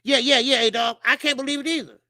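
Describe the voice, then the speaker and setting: A man's voice: extremely high pitch, fairly even intonation, fast talker, sharp tone, no echo. A man hosting a boxing channel livestream, talking bluntly and profanely, repeating himself with many fillers. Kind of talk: casual livestream commentary.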